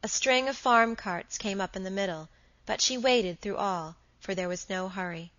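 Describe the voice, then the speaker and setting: Bright-voiced woman narrating an audiobook. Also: medium pitch, moderate pace, dry recording. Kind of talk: scripted narration of a novel. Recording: slightly dull recording.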